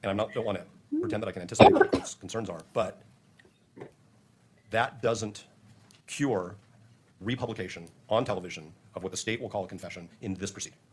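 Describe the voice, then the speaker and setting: A male defense attorney arguing in court in a measured, formal way, heard from a courtroom feed. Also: fairly low pitch, very animated, darkish tone, slight background noise. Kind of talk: courtroom argument.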